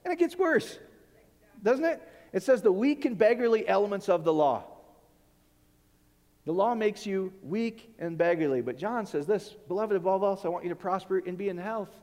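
Animated man preaching in a reverberant hall. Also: high-pitched, normal speed. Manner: animated, swings between loud outbursts and soft asides. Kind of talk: sermon.

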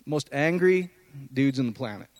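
A man's voice: medium pitch, moderate pace, no room sound. A man preaching an informal, conversational sermon, often checking in with his listeners. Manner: conversational, animated, often asks "does that make sense".

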